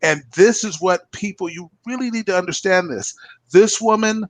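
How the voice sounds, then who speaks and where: A man's voice: high voice, normal speed, no echo. A man who runs a company, chatting on a talk show and acting out the voices of people in his story. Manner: animated, acts out quoted voices. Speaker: company president.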